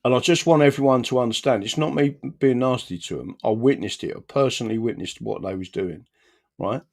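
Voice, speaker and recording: A man's voice: mid-range voice, brisk, vocal fry, a little mellow. A man hosting a live stream, bluntly rambling with restarts as he reads out viewer comments. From London, England. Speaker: livestream host.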